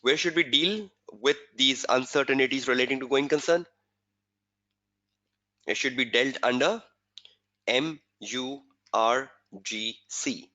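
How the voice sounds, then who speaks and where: A man's voice: medium pitch, slow pace, long pauses, sharp tone. A male exam tutor giving a webinar lecture, repeating key points and quizzing students with rhetorical questions. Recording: dull lo-fi webinar audio.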